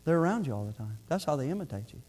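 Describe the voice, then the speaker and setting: A middle-aged man preaching a sermon, his voice sitting a little higher than most men's. He talks earnestly and conversationally to his congregation, often restarting his sentences as he reaches for the point. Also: sing-song, racing, a little mellow. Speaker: pastor.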